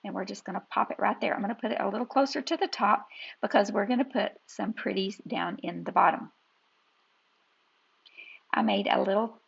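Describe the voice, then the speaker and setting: Homey craft lady chatting thru her diy project, bit raspy, fry in the voice. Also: medium pitch, dull audio. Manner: chatty, homey, talks while working. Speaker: crafting channel host. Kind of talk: casual craft tutorial voice-over.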